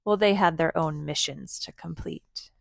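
Woman reading a storybook to kids at home, slow pace, gravelly, dry close sound. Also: low voice, dry recording. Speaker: parent reading to children.

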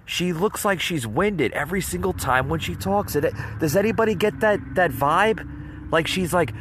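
A man's voice: sits high, animated, moderate pace, fairly bright tone, a little hiss or hum. A man hosting a casual political commentary podcast, rambling and stumbling over his words with frequent chuckles. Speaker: podcast host. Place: near a road with passing cars.

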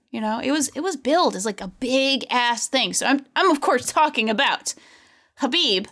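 A woman co-hosting a podcast, chatting casually in a gushing, excitable way and swearing freely. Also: fairly high pitch. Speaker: podcast co-host. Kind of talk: casual chat.

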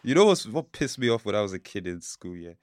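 A man's voice: on the low side, very animated, fast, darkish tone, slight background noise. A young man co-hosting a podcast, talking in casual, slangy, laughing banter. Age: young adult. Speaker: podcast co-host. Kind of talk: casual chat.

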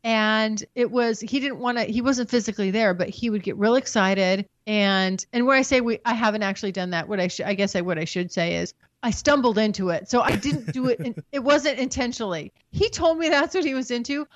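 A woman with a somewhat high voice speaks frankly and swears freely as a podcast guest, often trailing off and restarting her sentences. The recording is dry and a bit dull, with no room sound. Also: no echo. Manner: frank, profane, storytelling with halting restarts. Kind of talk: candid casual chat.

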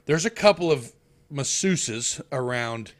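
A man's voice: mid-range voice, lively intonation, slow pace. A man from Indiana co-hosting a casual podcast chat, rambling and repeating himself with lots of filler words. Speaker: podcast co-host.

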